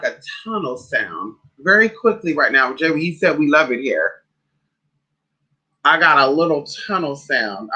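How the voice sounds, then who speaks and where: A man livestreaming as a spiritual advisor, chatting casually and sassily with viewers, calling them honey and girl. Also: slightly rough. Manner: animated storyteller with big pitch swings.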